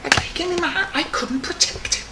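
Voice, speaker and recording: A man working as a prison guard, telling stories from the job in a restless, animated way full of asides. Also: very high-pitched, quick pace, a little hiss or hum. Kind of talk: storytelling monologue.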